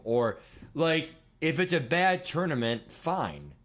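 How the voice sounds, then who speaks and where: A man in his twenties chatting casually on a livestream, rambling and excitable, swearing and laughing as he talks. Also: fairly high pitch, takes it slowly. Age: 20s. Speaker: streamer.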